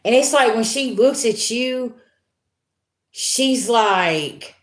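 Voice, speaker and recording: A woman's voice: a little high, slow. A woman giving a live spiritual reading as a psychic, talking in a blunt, emphatic, slangy way. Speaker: psychic reader. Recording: roomy echo.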